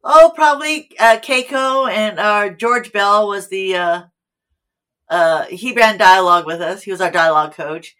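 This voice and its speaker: An American woman, middle-aged, telling stories as an actor guest in a casual interview, animated and quick to laugh. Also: mid-range voice. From United States. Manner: animated storyteller, laughs easily.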